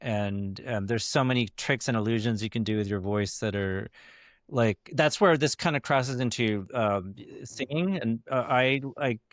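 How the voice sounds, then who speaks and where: A man's voice: mid-range voice, normal speed, no echo, studio quality. A man, an actor guest on a podcast, talking in a chatty, rambling way about his work. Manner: talkative and rambling. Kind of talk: casual interview chat.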